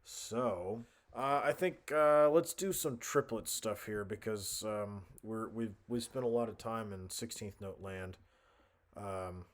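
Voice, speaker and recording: A man with a deep, low voice talks through a composition tutorial at his desk mic. He thinks aloud, hesitating and correcting himself as he works. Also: slow pace. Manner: thinking aloud, many fillers and self-corrections. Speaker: music composition instructor. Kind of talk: casual screen-recorded tutorial narration.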